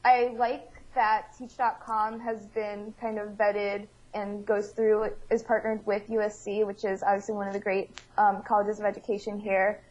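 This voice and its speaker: A woman speaks as a guest in an interview. Her voice is husky and a little breathy, and she sounds thoughtful and evaluative. The sound is dull and lo-fi, like a remote line. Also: medium pitch, little pitch movement, moderate pace, hardly any pauses, darkish tone. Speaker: guest expert. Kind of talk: conversational interview.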